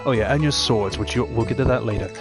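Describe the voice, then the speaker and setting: A man's voice: mid-range voice, fast. Chatty man streaming a farming game. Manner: chatty, explains tips to viewers. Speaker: let's play streamer. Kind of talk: casual gameplay commentary. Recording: game music behind the voice. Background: game music.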